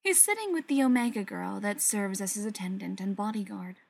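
Female narrator reading a story aloud, soft delivery that often sinks to a whisper. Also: mid-range voice, lively intonation, fairly quick, vocal fry. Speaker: story reader.

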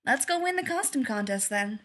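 A woman's voice: on the high side, expressive, brisk, a bit bright. A woman voicing a grown man who whines and pleads about his costume in a storybook reading. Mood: wry. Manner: whining, pleading.

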